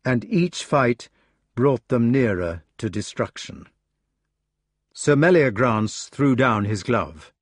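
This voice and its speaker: A man's voice: mid-range voice, expressive, takes it slowly, no room sound, studio quality. A man reading a novel aloud as an audiobook narrator, telling the story expressively. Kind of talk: scripted narration.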